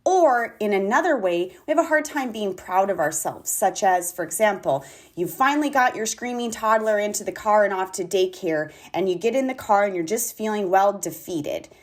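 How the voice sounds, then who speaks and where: A woman with a mid-pitched voice leads a reflective talk on gratitude. She speaks calmly and deliberately and spells out key words letter by letter. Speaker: artist and practice guide.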